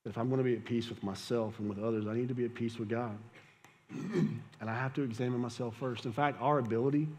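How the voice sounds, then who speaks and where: A man's voice: medium pitch, fairly even intonation, quick pace, a little mellow. A man, preaching a sermon as a pastor, telling a casual, conversational story and laughing at it. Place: church hall with audience. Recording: live church hall with long reverb.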